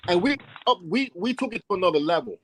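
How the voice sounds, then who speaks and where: A man's voice: sits high, big pitch swings, fast talker, a bit bright, no room sound, low-quality recording. A man with a New York accent from Brooklyn, telling old stories in an interview, acting out voices and often asking "you know what I'm saying?". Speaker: interview guest, hip hop dance pioneer. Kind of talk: storytelling interview.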